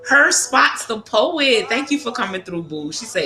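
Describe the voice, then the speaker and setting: A woman's voice: medium pitch, very animated, brisk, hardly any pauses, pushed and bright. A woman hosting a casual livestream chat with viewers, talking frankly with lots of cursing and laughter. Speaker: livestream host. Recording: echoey room with music behind.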